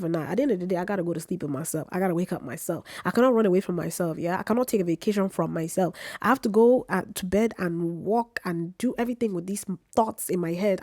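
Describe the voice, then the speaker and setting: Expressive young woman, dry close sound. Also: on the low side, no room sound. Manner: expressive, emphatic, repeats herself, slangy asides. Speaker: vlogger. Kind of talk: candid personal vlog talk. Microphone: camera mic.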